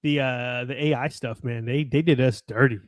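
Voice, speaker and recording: A man's voice: mid-range voice, fairly even intonation, normal speed, dry recording, studio quality. An American man co-hosting a casual soccer podcast, chatty and rambling, laughing often. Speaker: podcast co-host.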